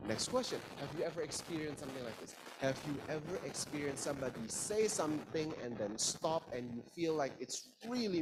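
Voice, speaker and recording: A young man leading a university session on communication, playfully demonstrating how stress and pauses change meaning. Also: medium pitch, noisy background. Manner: playful, demonstrative, shifts stress and volume to show emphasis. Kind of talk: lively public speaking demonstration.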